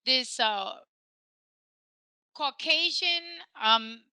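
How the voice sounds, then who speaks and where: A woman's voice: high voice, animated, very slow, pushed and bright, smooth, no echo, rough recording. A woman hosting a casual podcast conversation, telling stories animatedly and dropping in Spanish phrases. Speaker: podcast host.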